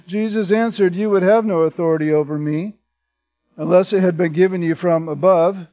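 A man with a high, light voice delivers an expository sermon. He reads scripture aloud and then explains it in plain, direct terms. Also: fairly even intonation, moderate pace, warm tone. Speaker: pastor.

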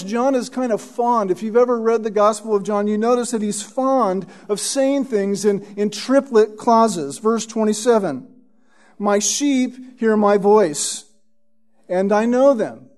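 Emphatic high-pitched male preacher. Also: a little mellow. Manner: emphatic, repeats "Right?" to the listeners. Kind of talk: expository sermon.

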